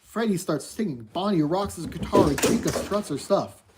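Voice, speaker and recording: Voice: mid-range voice, lively intonation, moderate pace, heavy background noise. A streamer reading a choose-your-path horror book aloud for viewers, then chatting to wrap up the stream.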